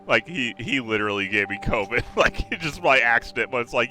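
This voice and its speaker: A man's voice: mid-range voice, animated, normal speed, pushed and bright, faint music behind. A man with covid hosting a casual gaming chat, telling a story with lots of swearing and laughter. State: sick with covid. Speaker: host.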